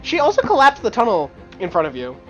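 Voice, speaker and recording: A woman's voice: mid-range voice, huge pitch swings, fast, a bit bright, lo-fi sound, faint music behind. A woman who plays in a tabletop game, chatting casually and breaking in to correct details of the recap.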